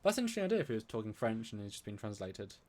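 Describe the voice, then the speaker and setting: Animated man co-hosting a live review. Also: on the low side, very fast. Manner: animated, acts out lines in quoted voices. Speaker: co-host of a live review stream. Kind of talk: casual live discussion.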